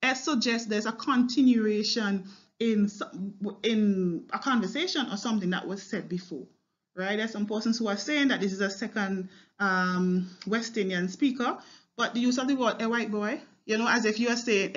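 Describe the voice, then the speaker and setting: A woman teaching a poem line by line, thinking aloud and often stopping to check with "right?" or "okay?". Her voice sits at an even middle pitch. The recording sounds a little dull and muffled. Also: moderate pace. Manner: explanatory, repeats words with fillers and checks with "right?" and "okay?". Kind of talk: line-by-line poetry analysis lesson.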